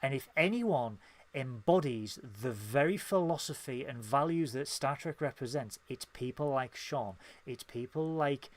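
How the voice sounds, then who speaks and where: A man's voice: mid-range voice, lively intonation, measured pace. A man with a Northern English accent, co-hosting a casual podcast and speaking in an impassioned, emphatic way. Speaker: podcast co-host.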